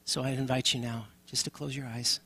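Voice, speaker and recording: A male pastor leads communion with a bright, forward tone and a husky edge to his voice. He speaks earnestly and turns often to the congregation, inviting them to respond. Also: mid-range voice, level tone, fairly quick. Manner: earnest, calls on the congregation directly. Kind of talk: leading a communion service.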